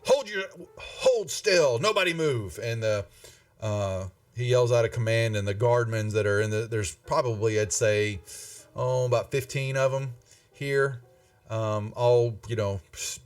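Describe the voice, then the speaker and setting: A man narrating a tabletop game as game master, halting and full of fillers. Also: on the low side, steady tone. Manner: halting, many fillers and restarts. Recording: distant mic with faint music.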